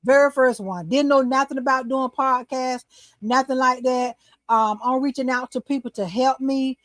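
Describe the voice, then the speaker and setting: An older woman, a talk show host, telling a personal faith story in casual, animated chat. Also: sits high, moderate pace, no room sound.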